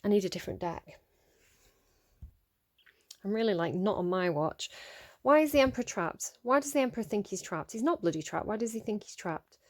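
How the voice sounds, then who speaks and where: A woman's voice: medium pitch, a little fast, pauses often. Chatty woman doing a tarot reading. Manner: chatty and animated, with many fillers, mild swearing and scolding of the cards. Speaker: tarot reader. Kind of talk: casual spoken tarot reading.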